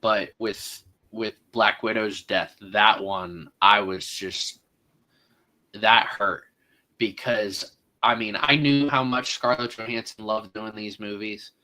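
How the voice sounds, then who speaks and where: A man co-hosting a casual movie podcast, talking through his views in a thoughtful, halting way. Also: fairly low pitch, steady tone, bright, forceful tone, low-quality recording. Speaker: podcast co-host.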